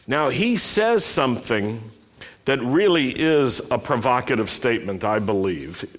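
A man preaching a sermon, speaking deliberately and lifting his voice when he reads a passage aloud. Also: mid-range voice, expressive. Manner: slow, deliberate delivery with emphatic rising quotations.

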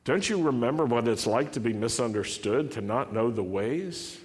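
A man's voice: medium pitch, animated, normal speed, few pauses, in a large hall. A man preaching a sermon, driving his points home with emphatic, repeated rhetorical questions.

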